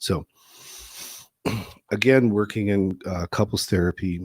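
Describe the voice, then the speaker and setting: A man who hosts a podcast and works as a couples therapist, telling a case story in a conversational, animated way. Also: fairly low pitch, unhurried, no echo, clean studio sound. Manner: animated, laughing easily.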